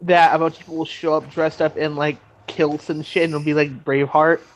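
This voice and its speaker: A man's voice: fairly high pitch, level tone, a little fast, lo-fi sound. Crude, stammering male joker in a casual hangout. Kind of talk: casual chat.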